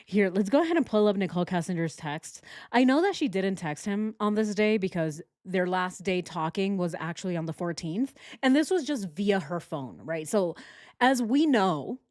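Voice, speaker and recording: A woman's voice: fairly low pitch, a little mellow, dry recording, studio quality. A woman doing true crime reaction commentary, indignant and conversational, and often asking her viewers questions. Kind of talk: reaction commentary over video.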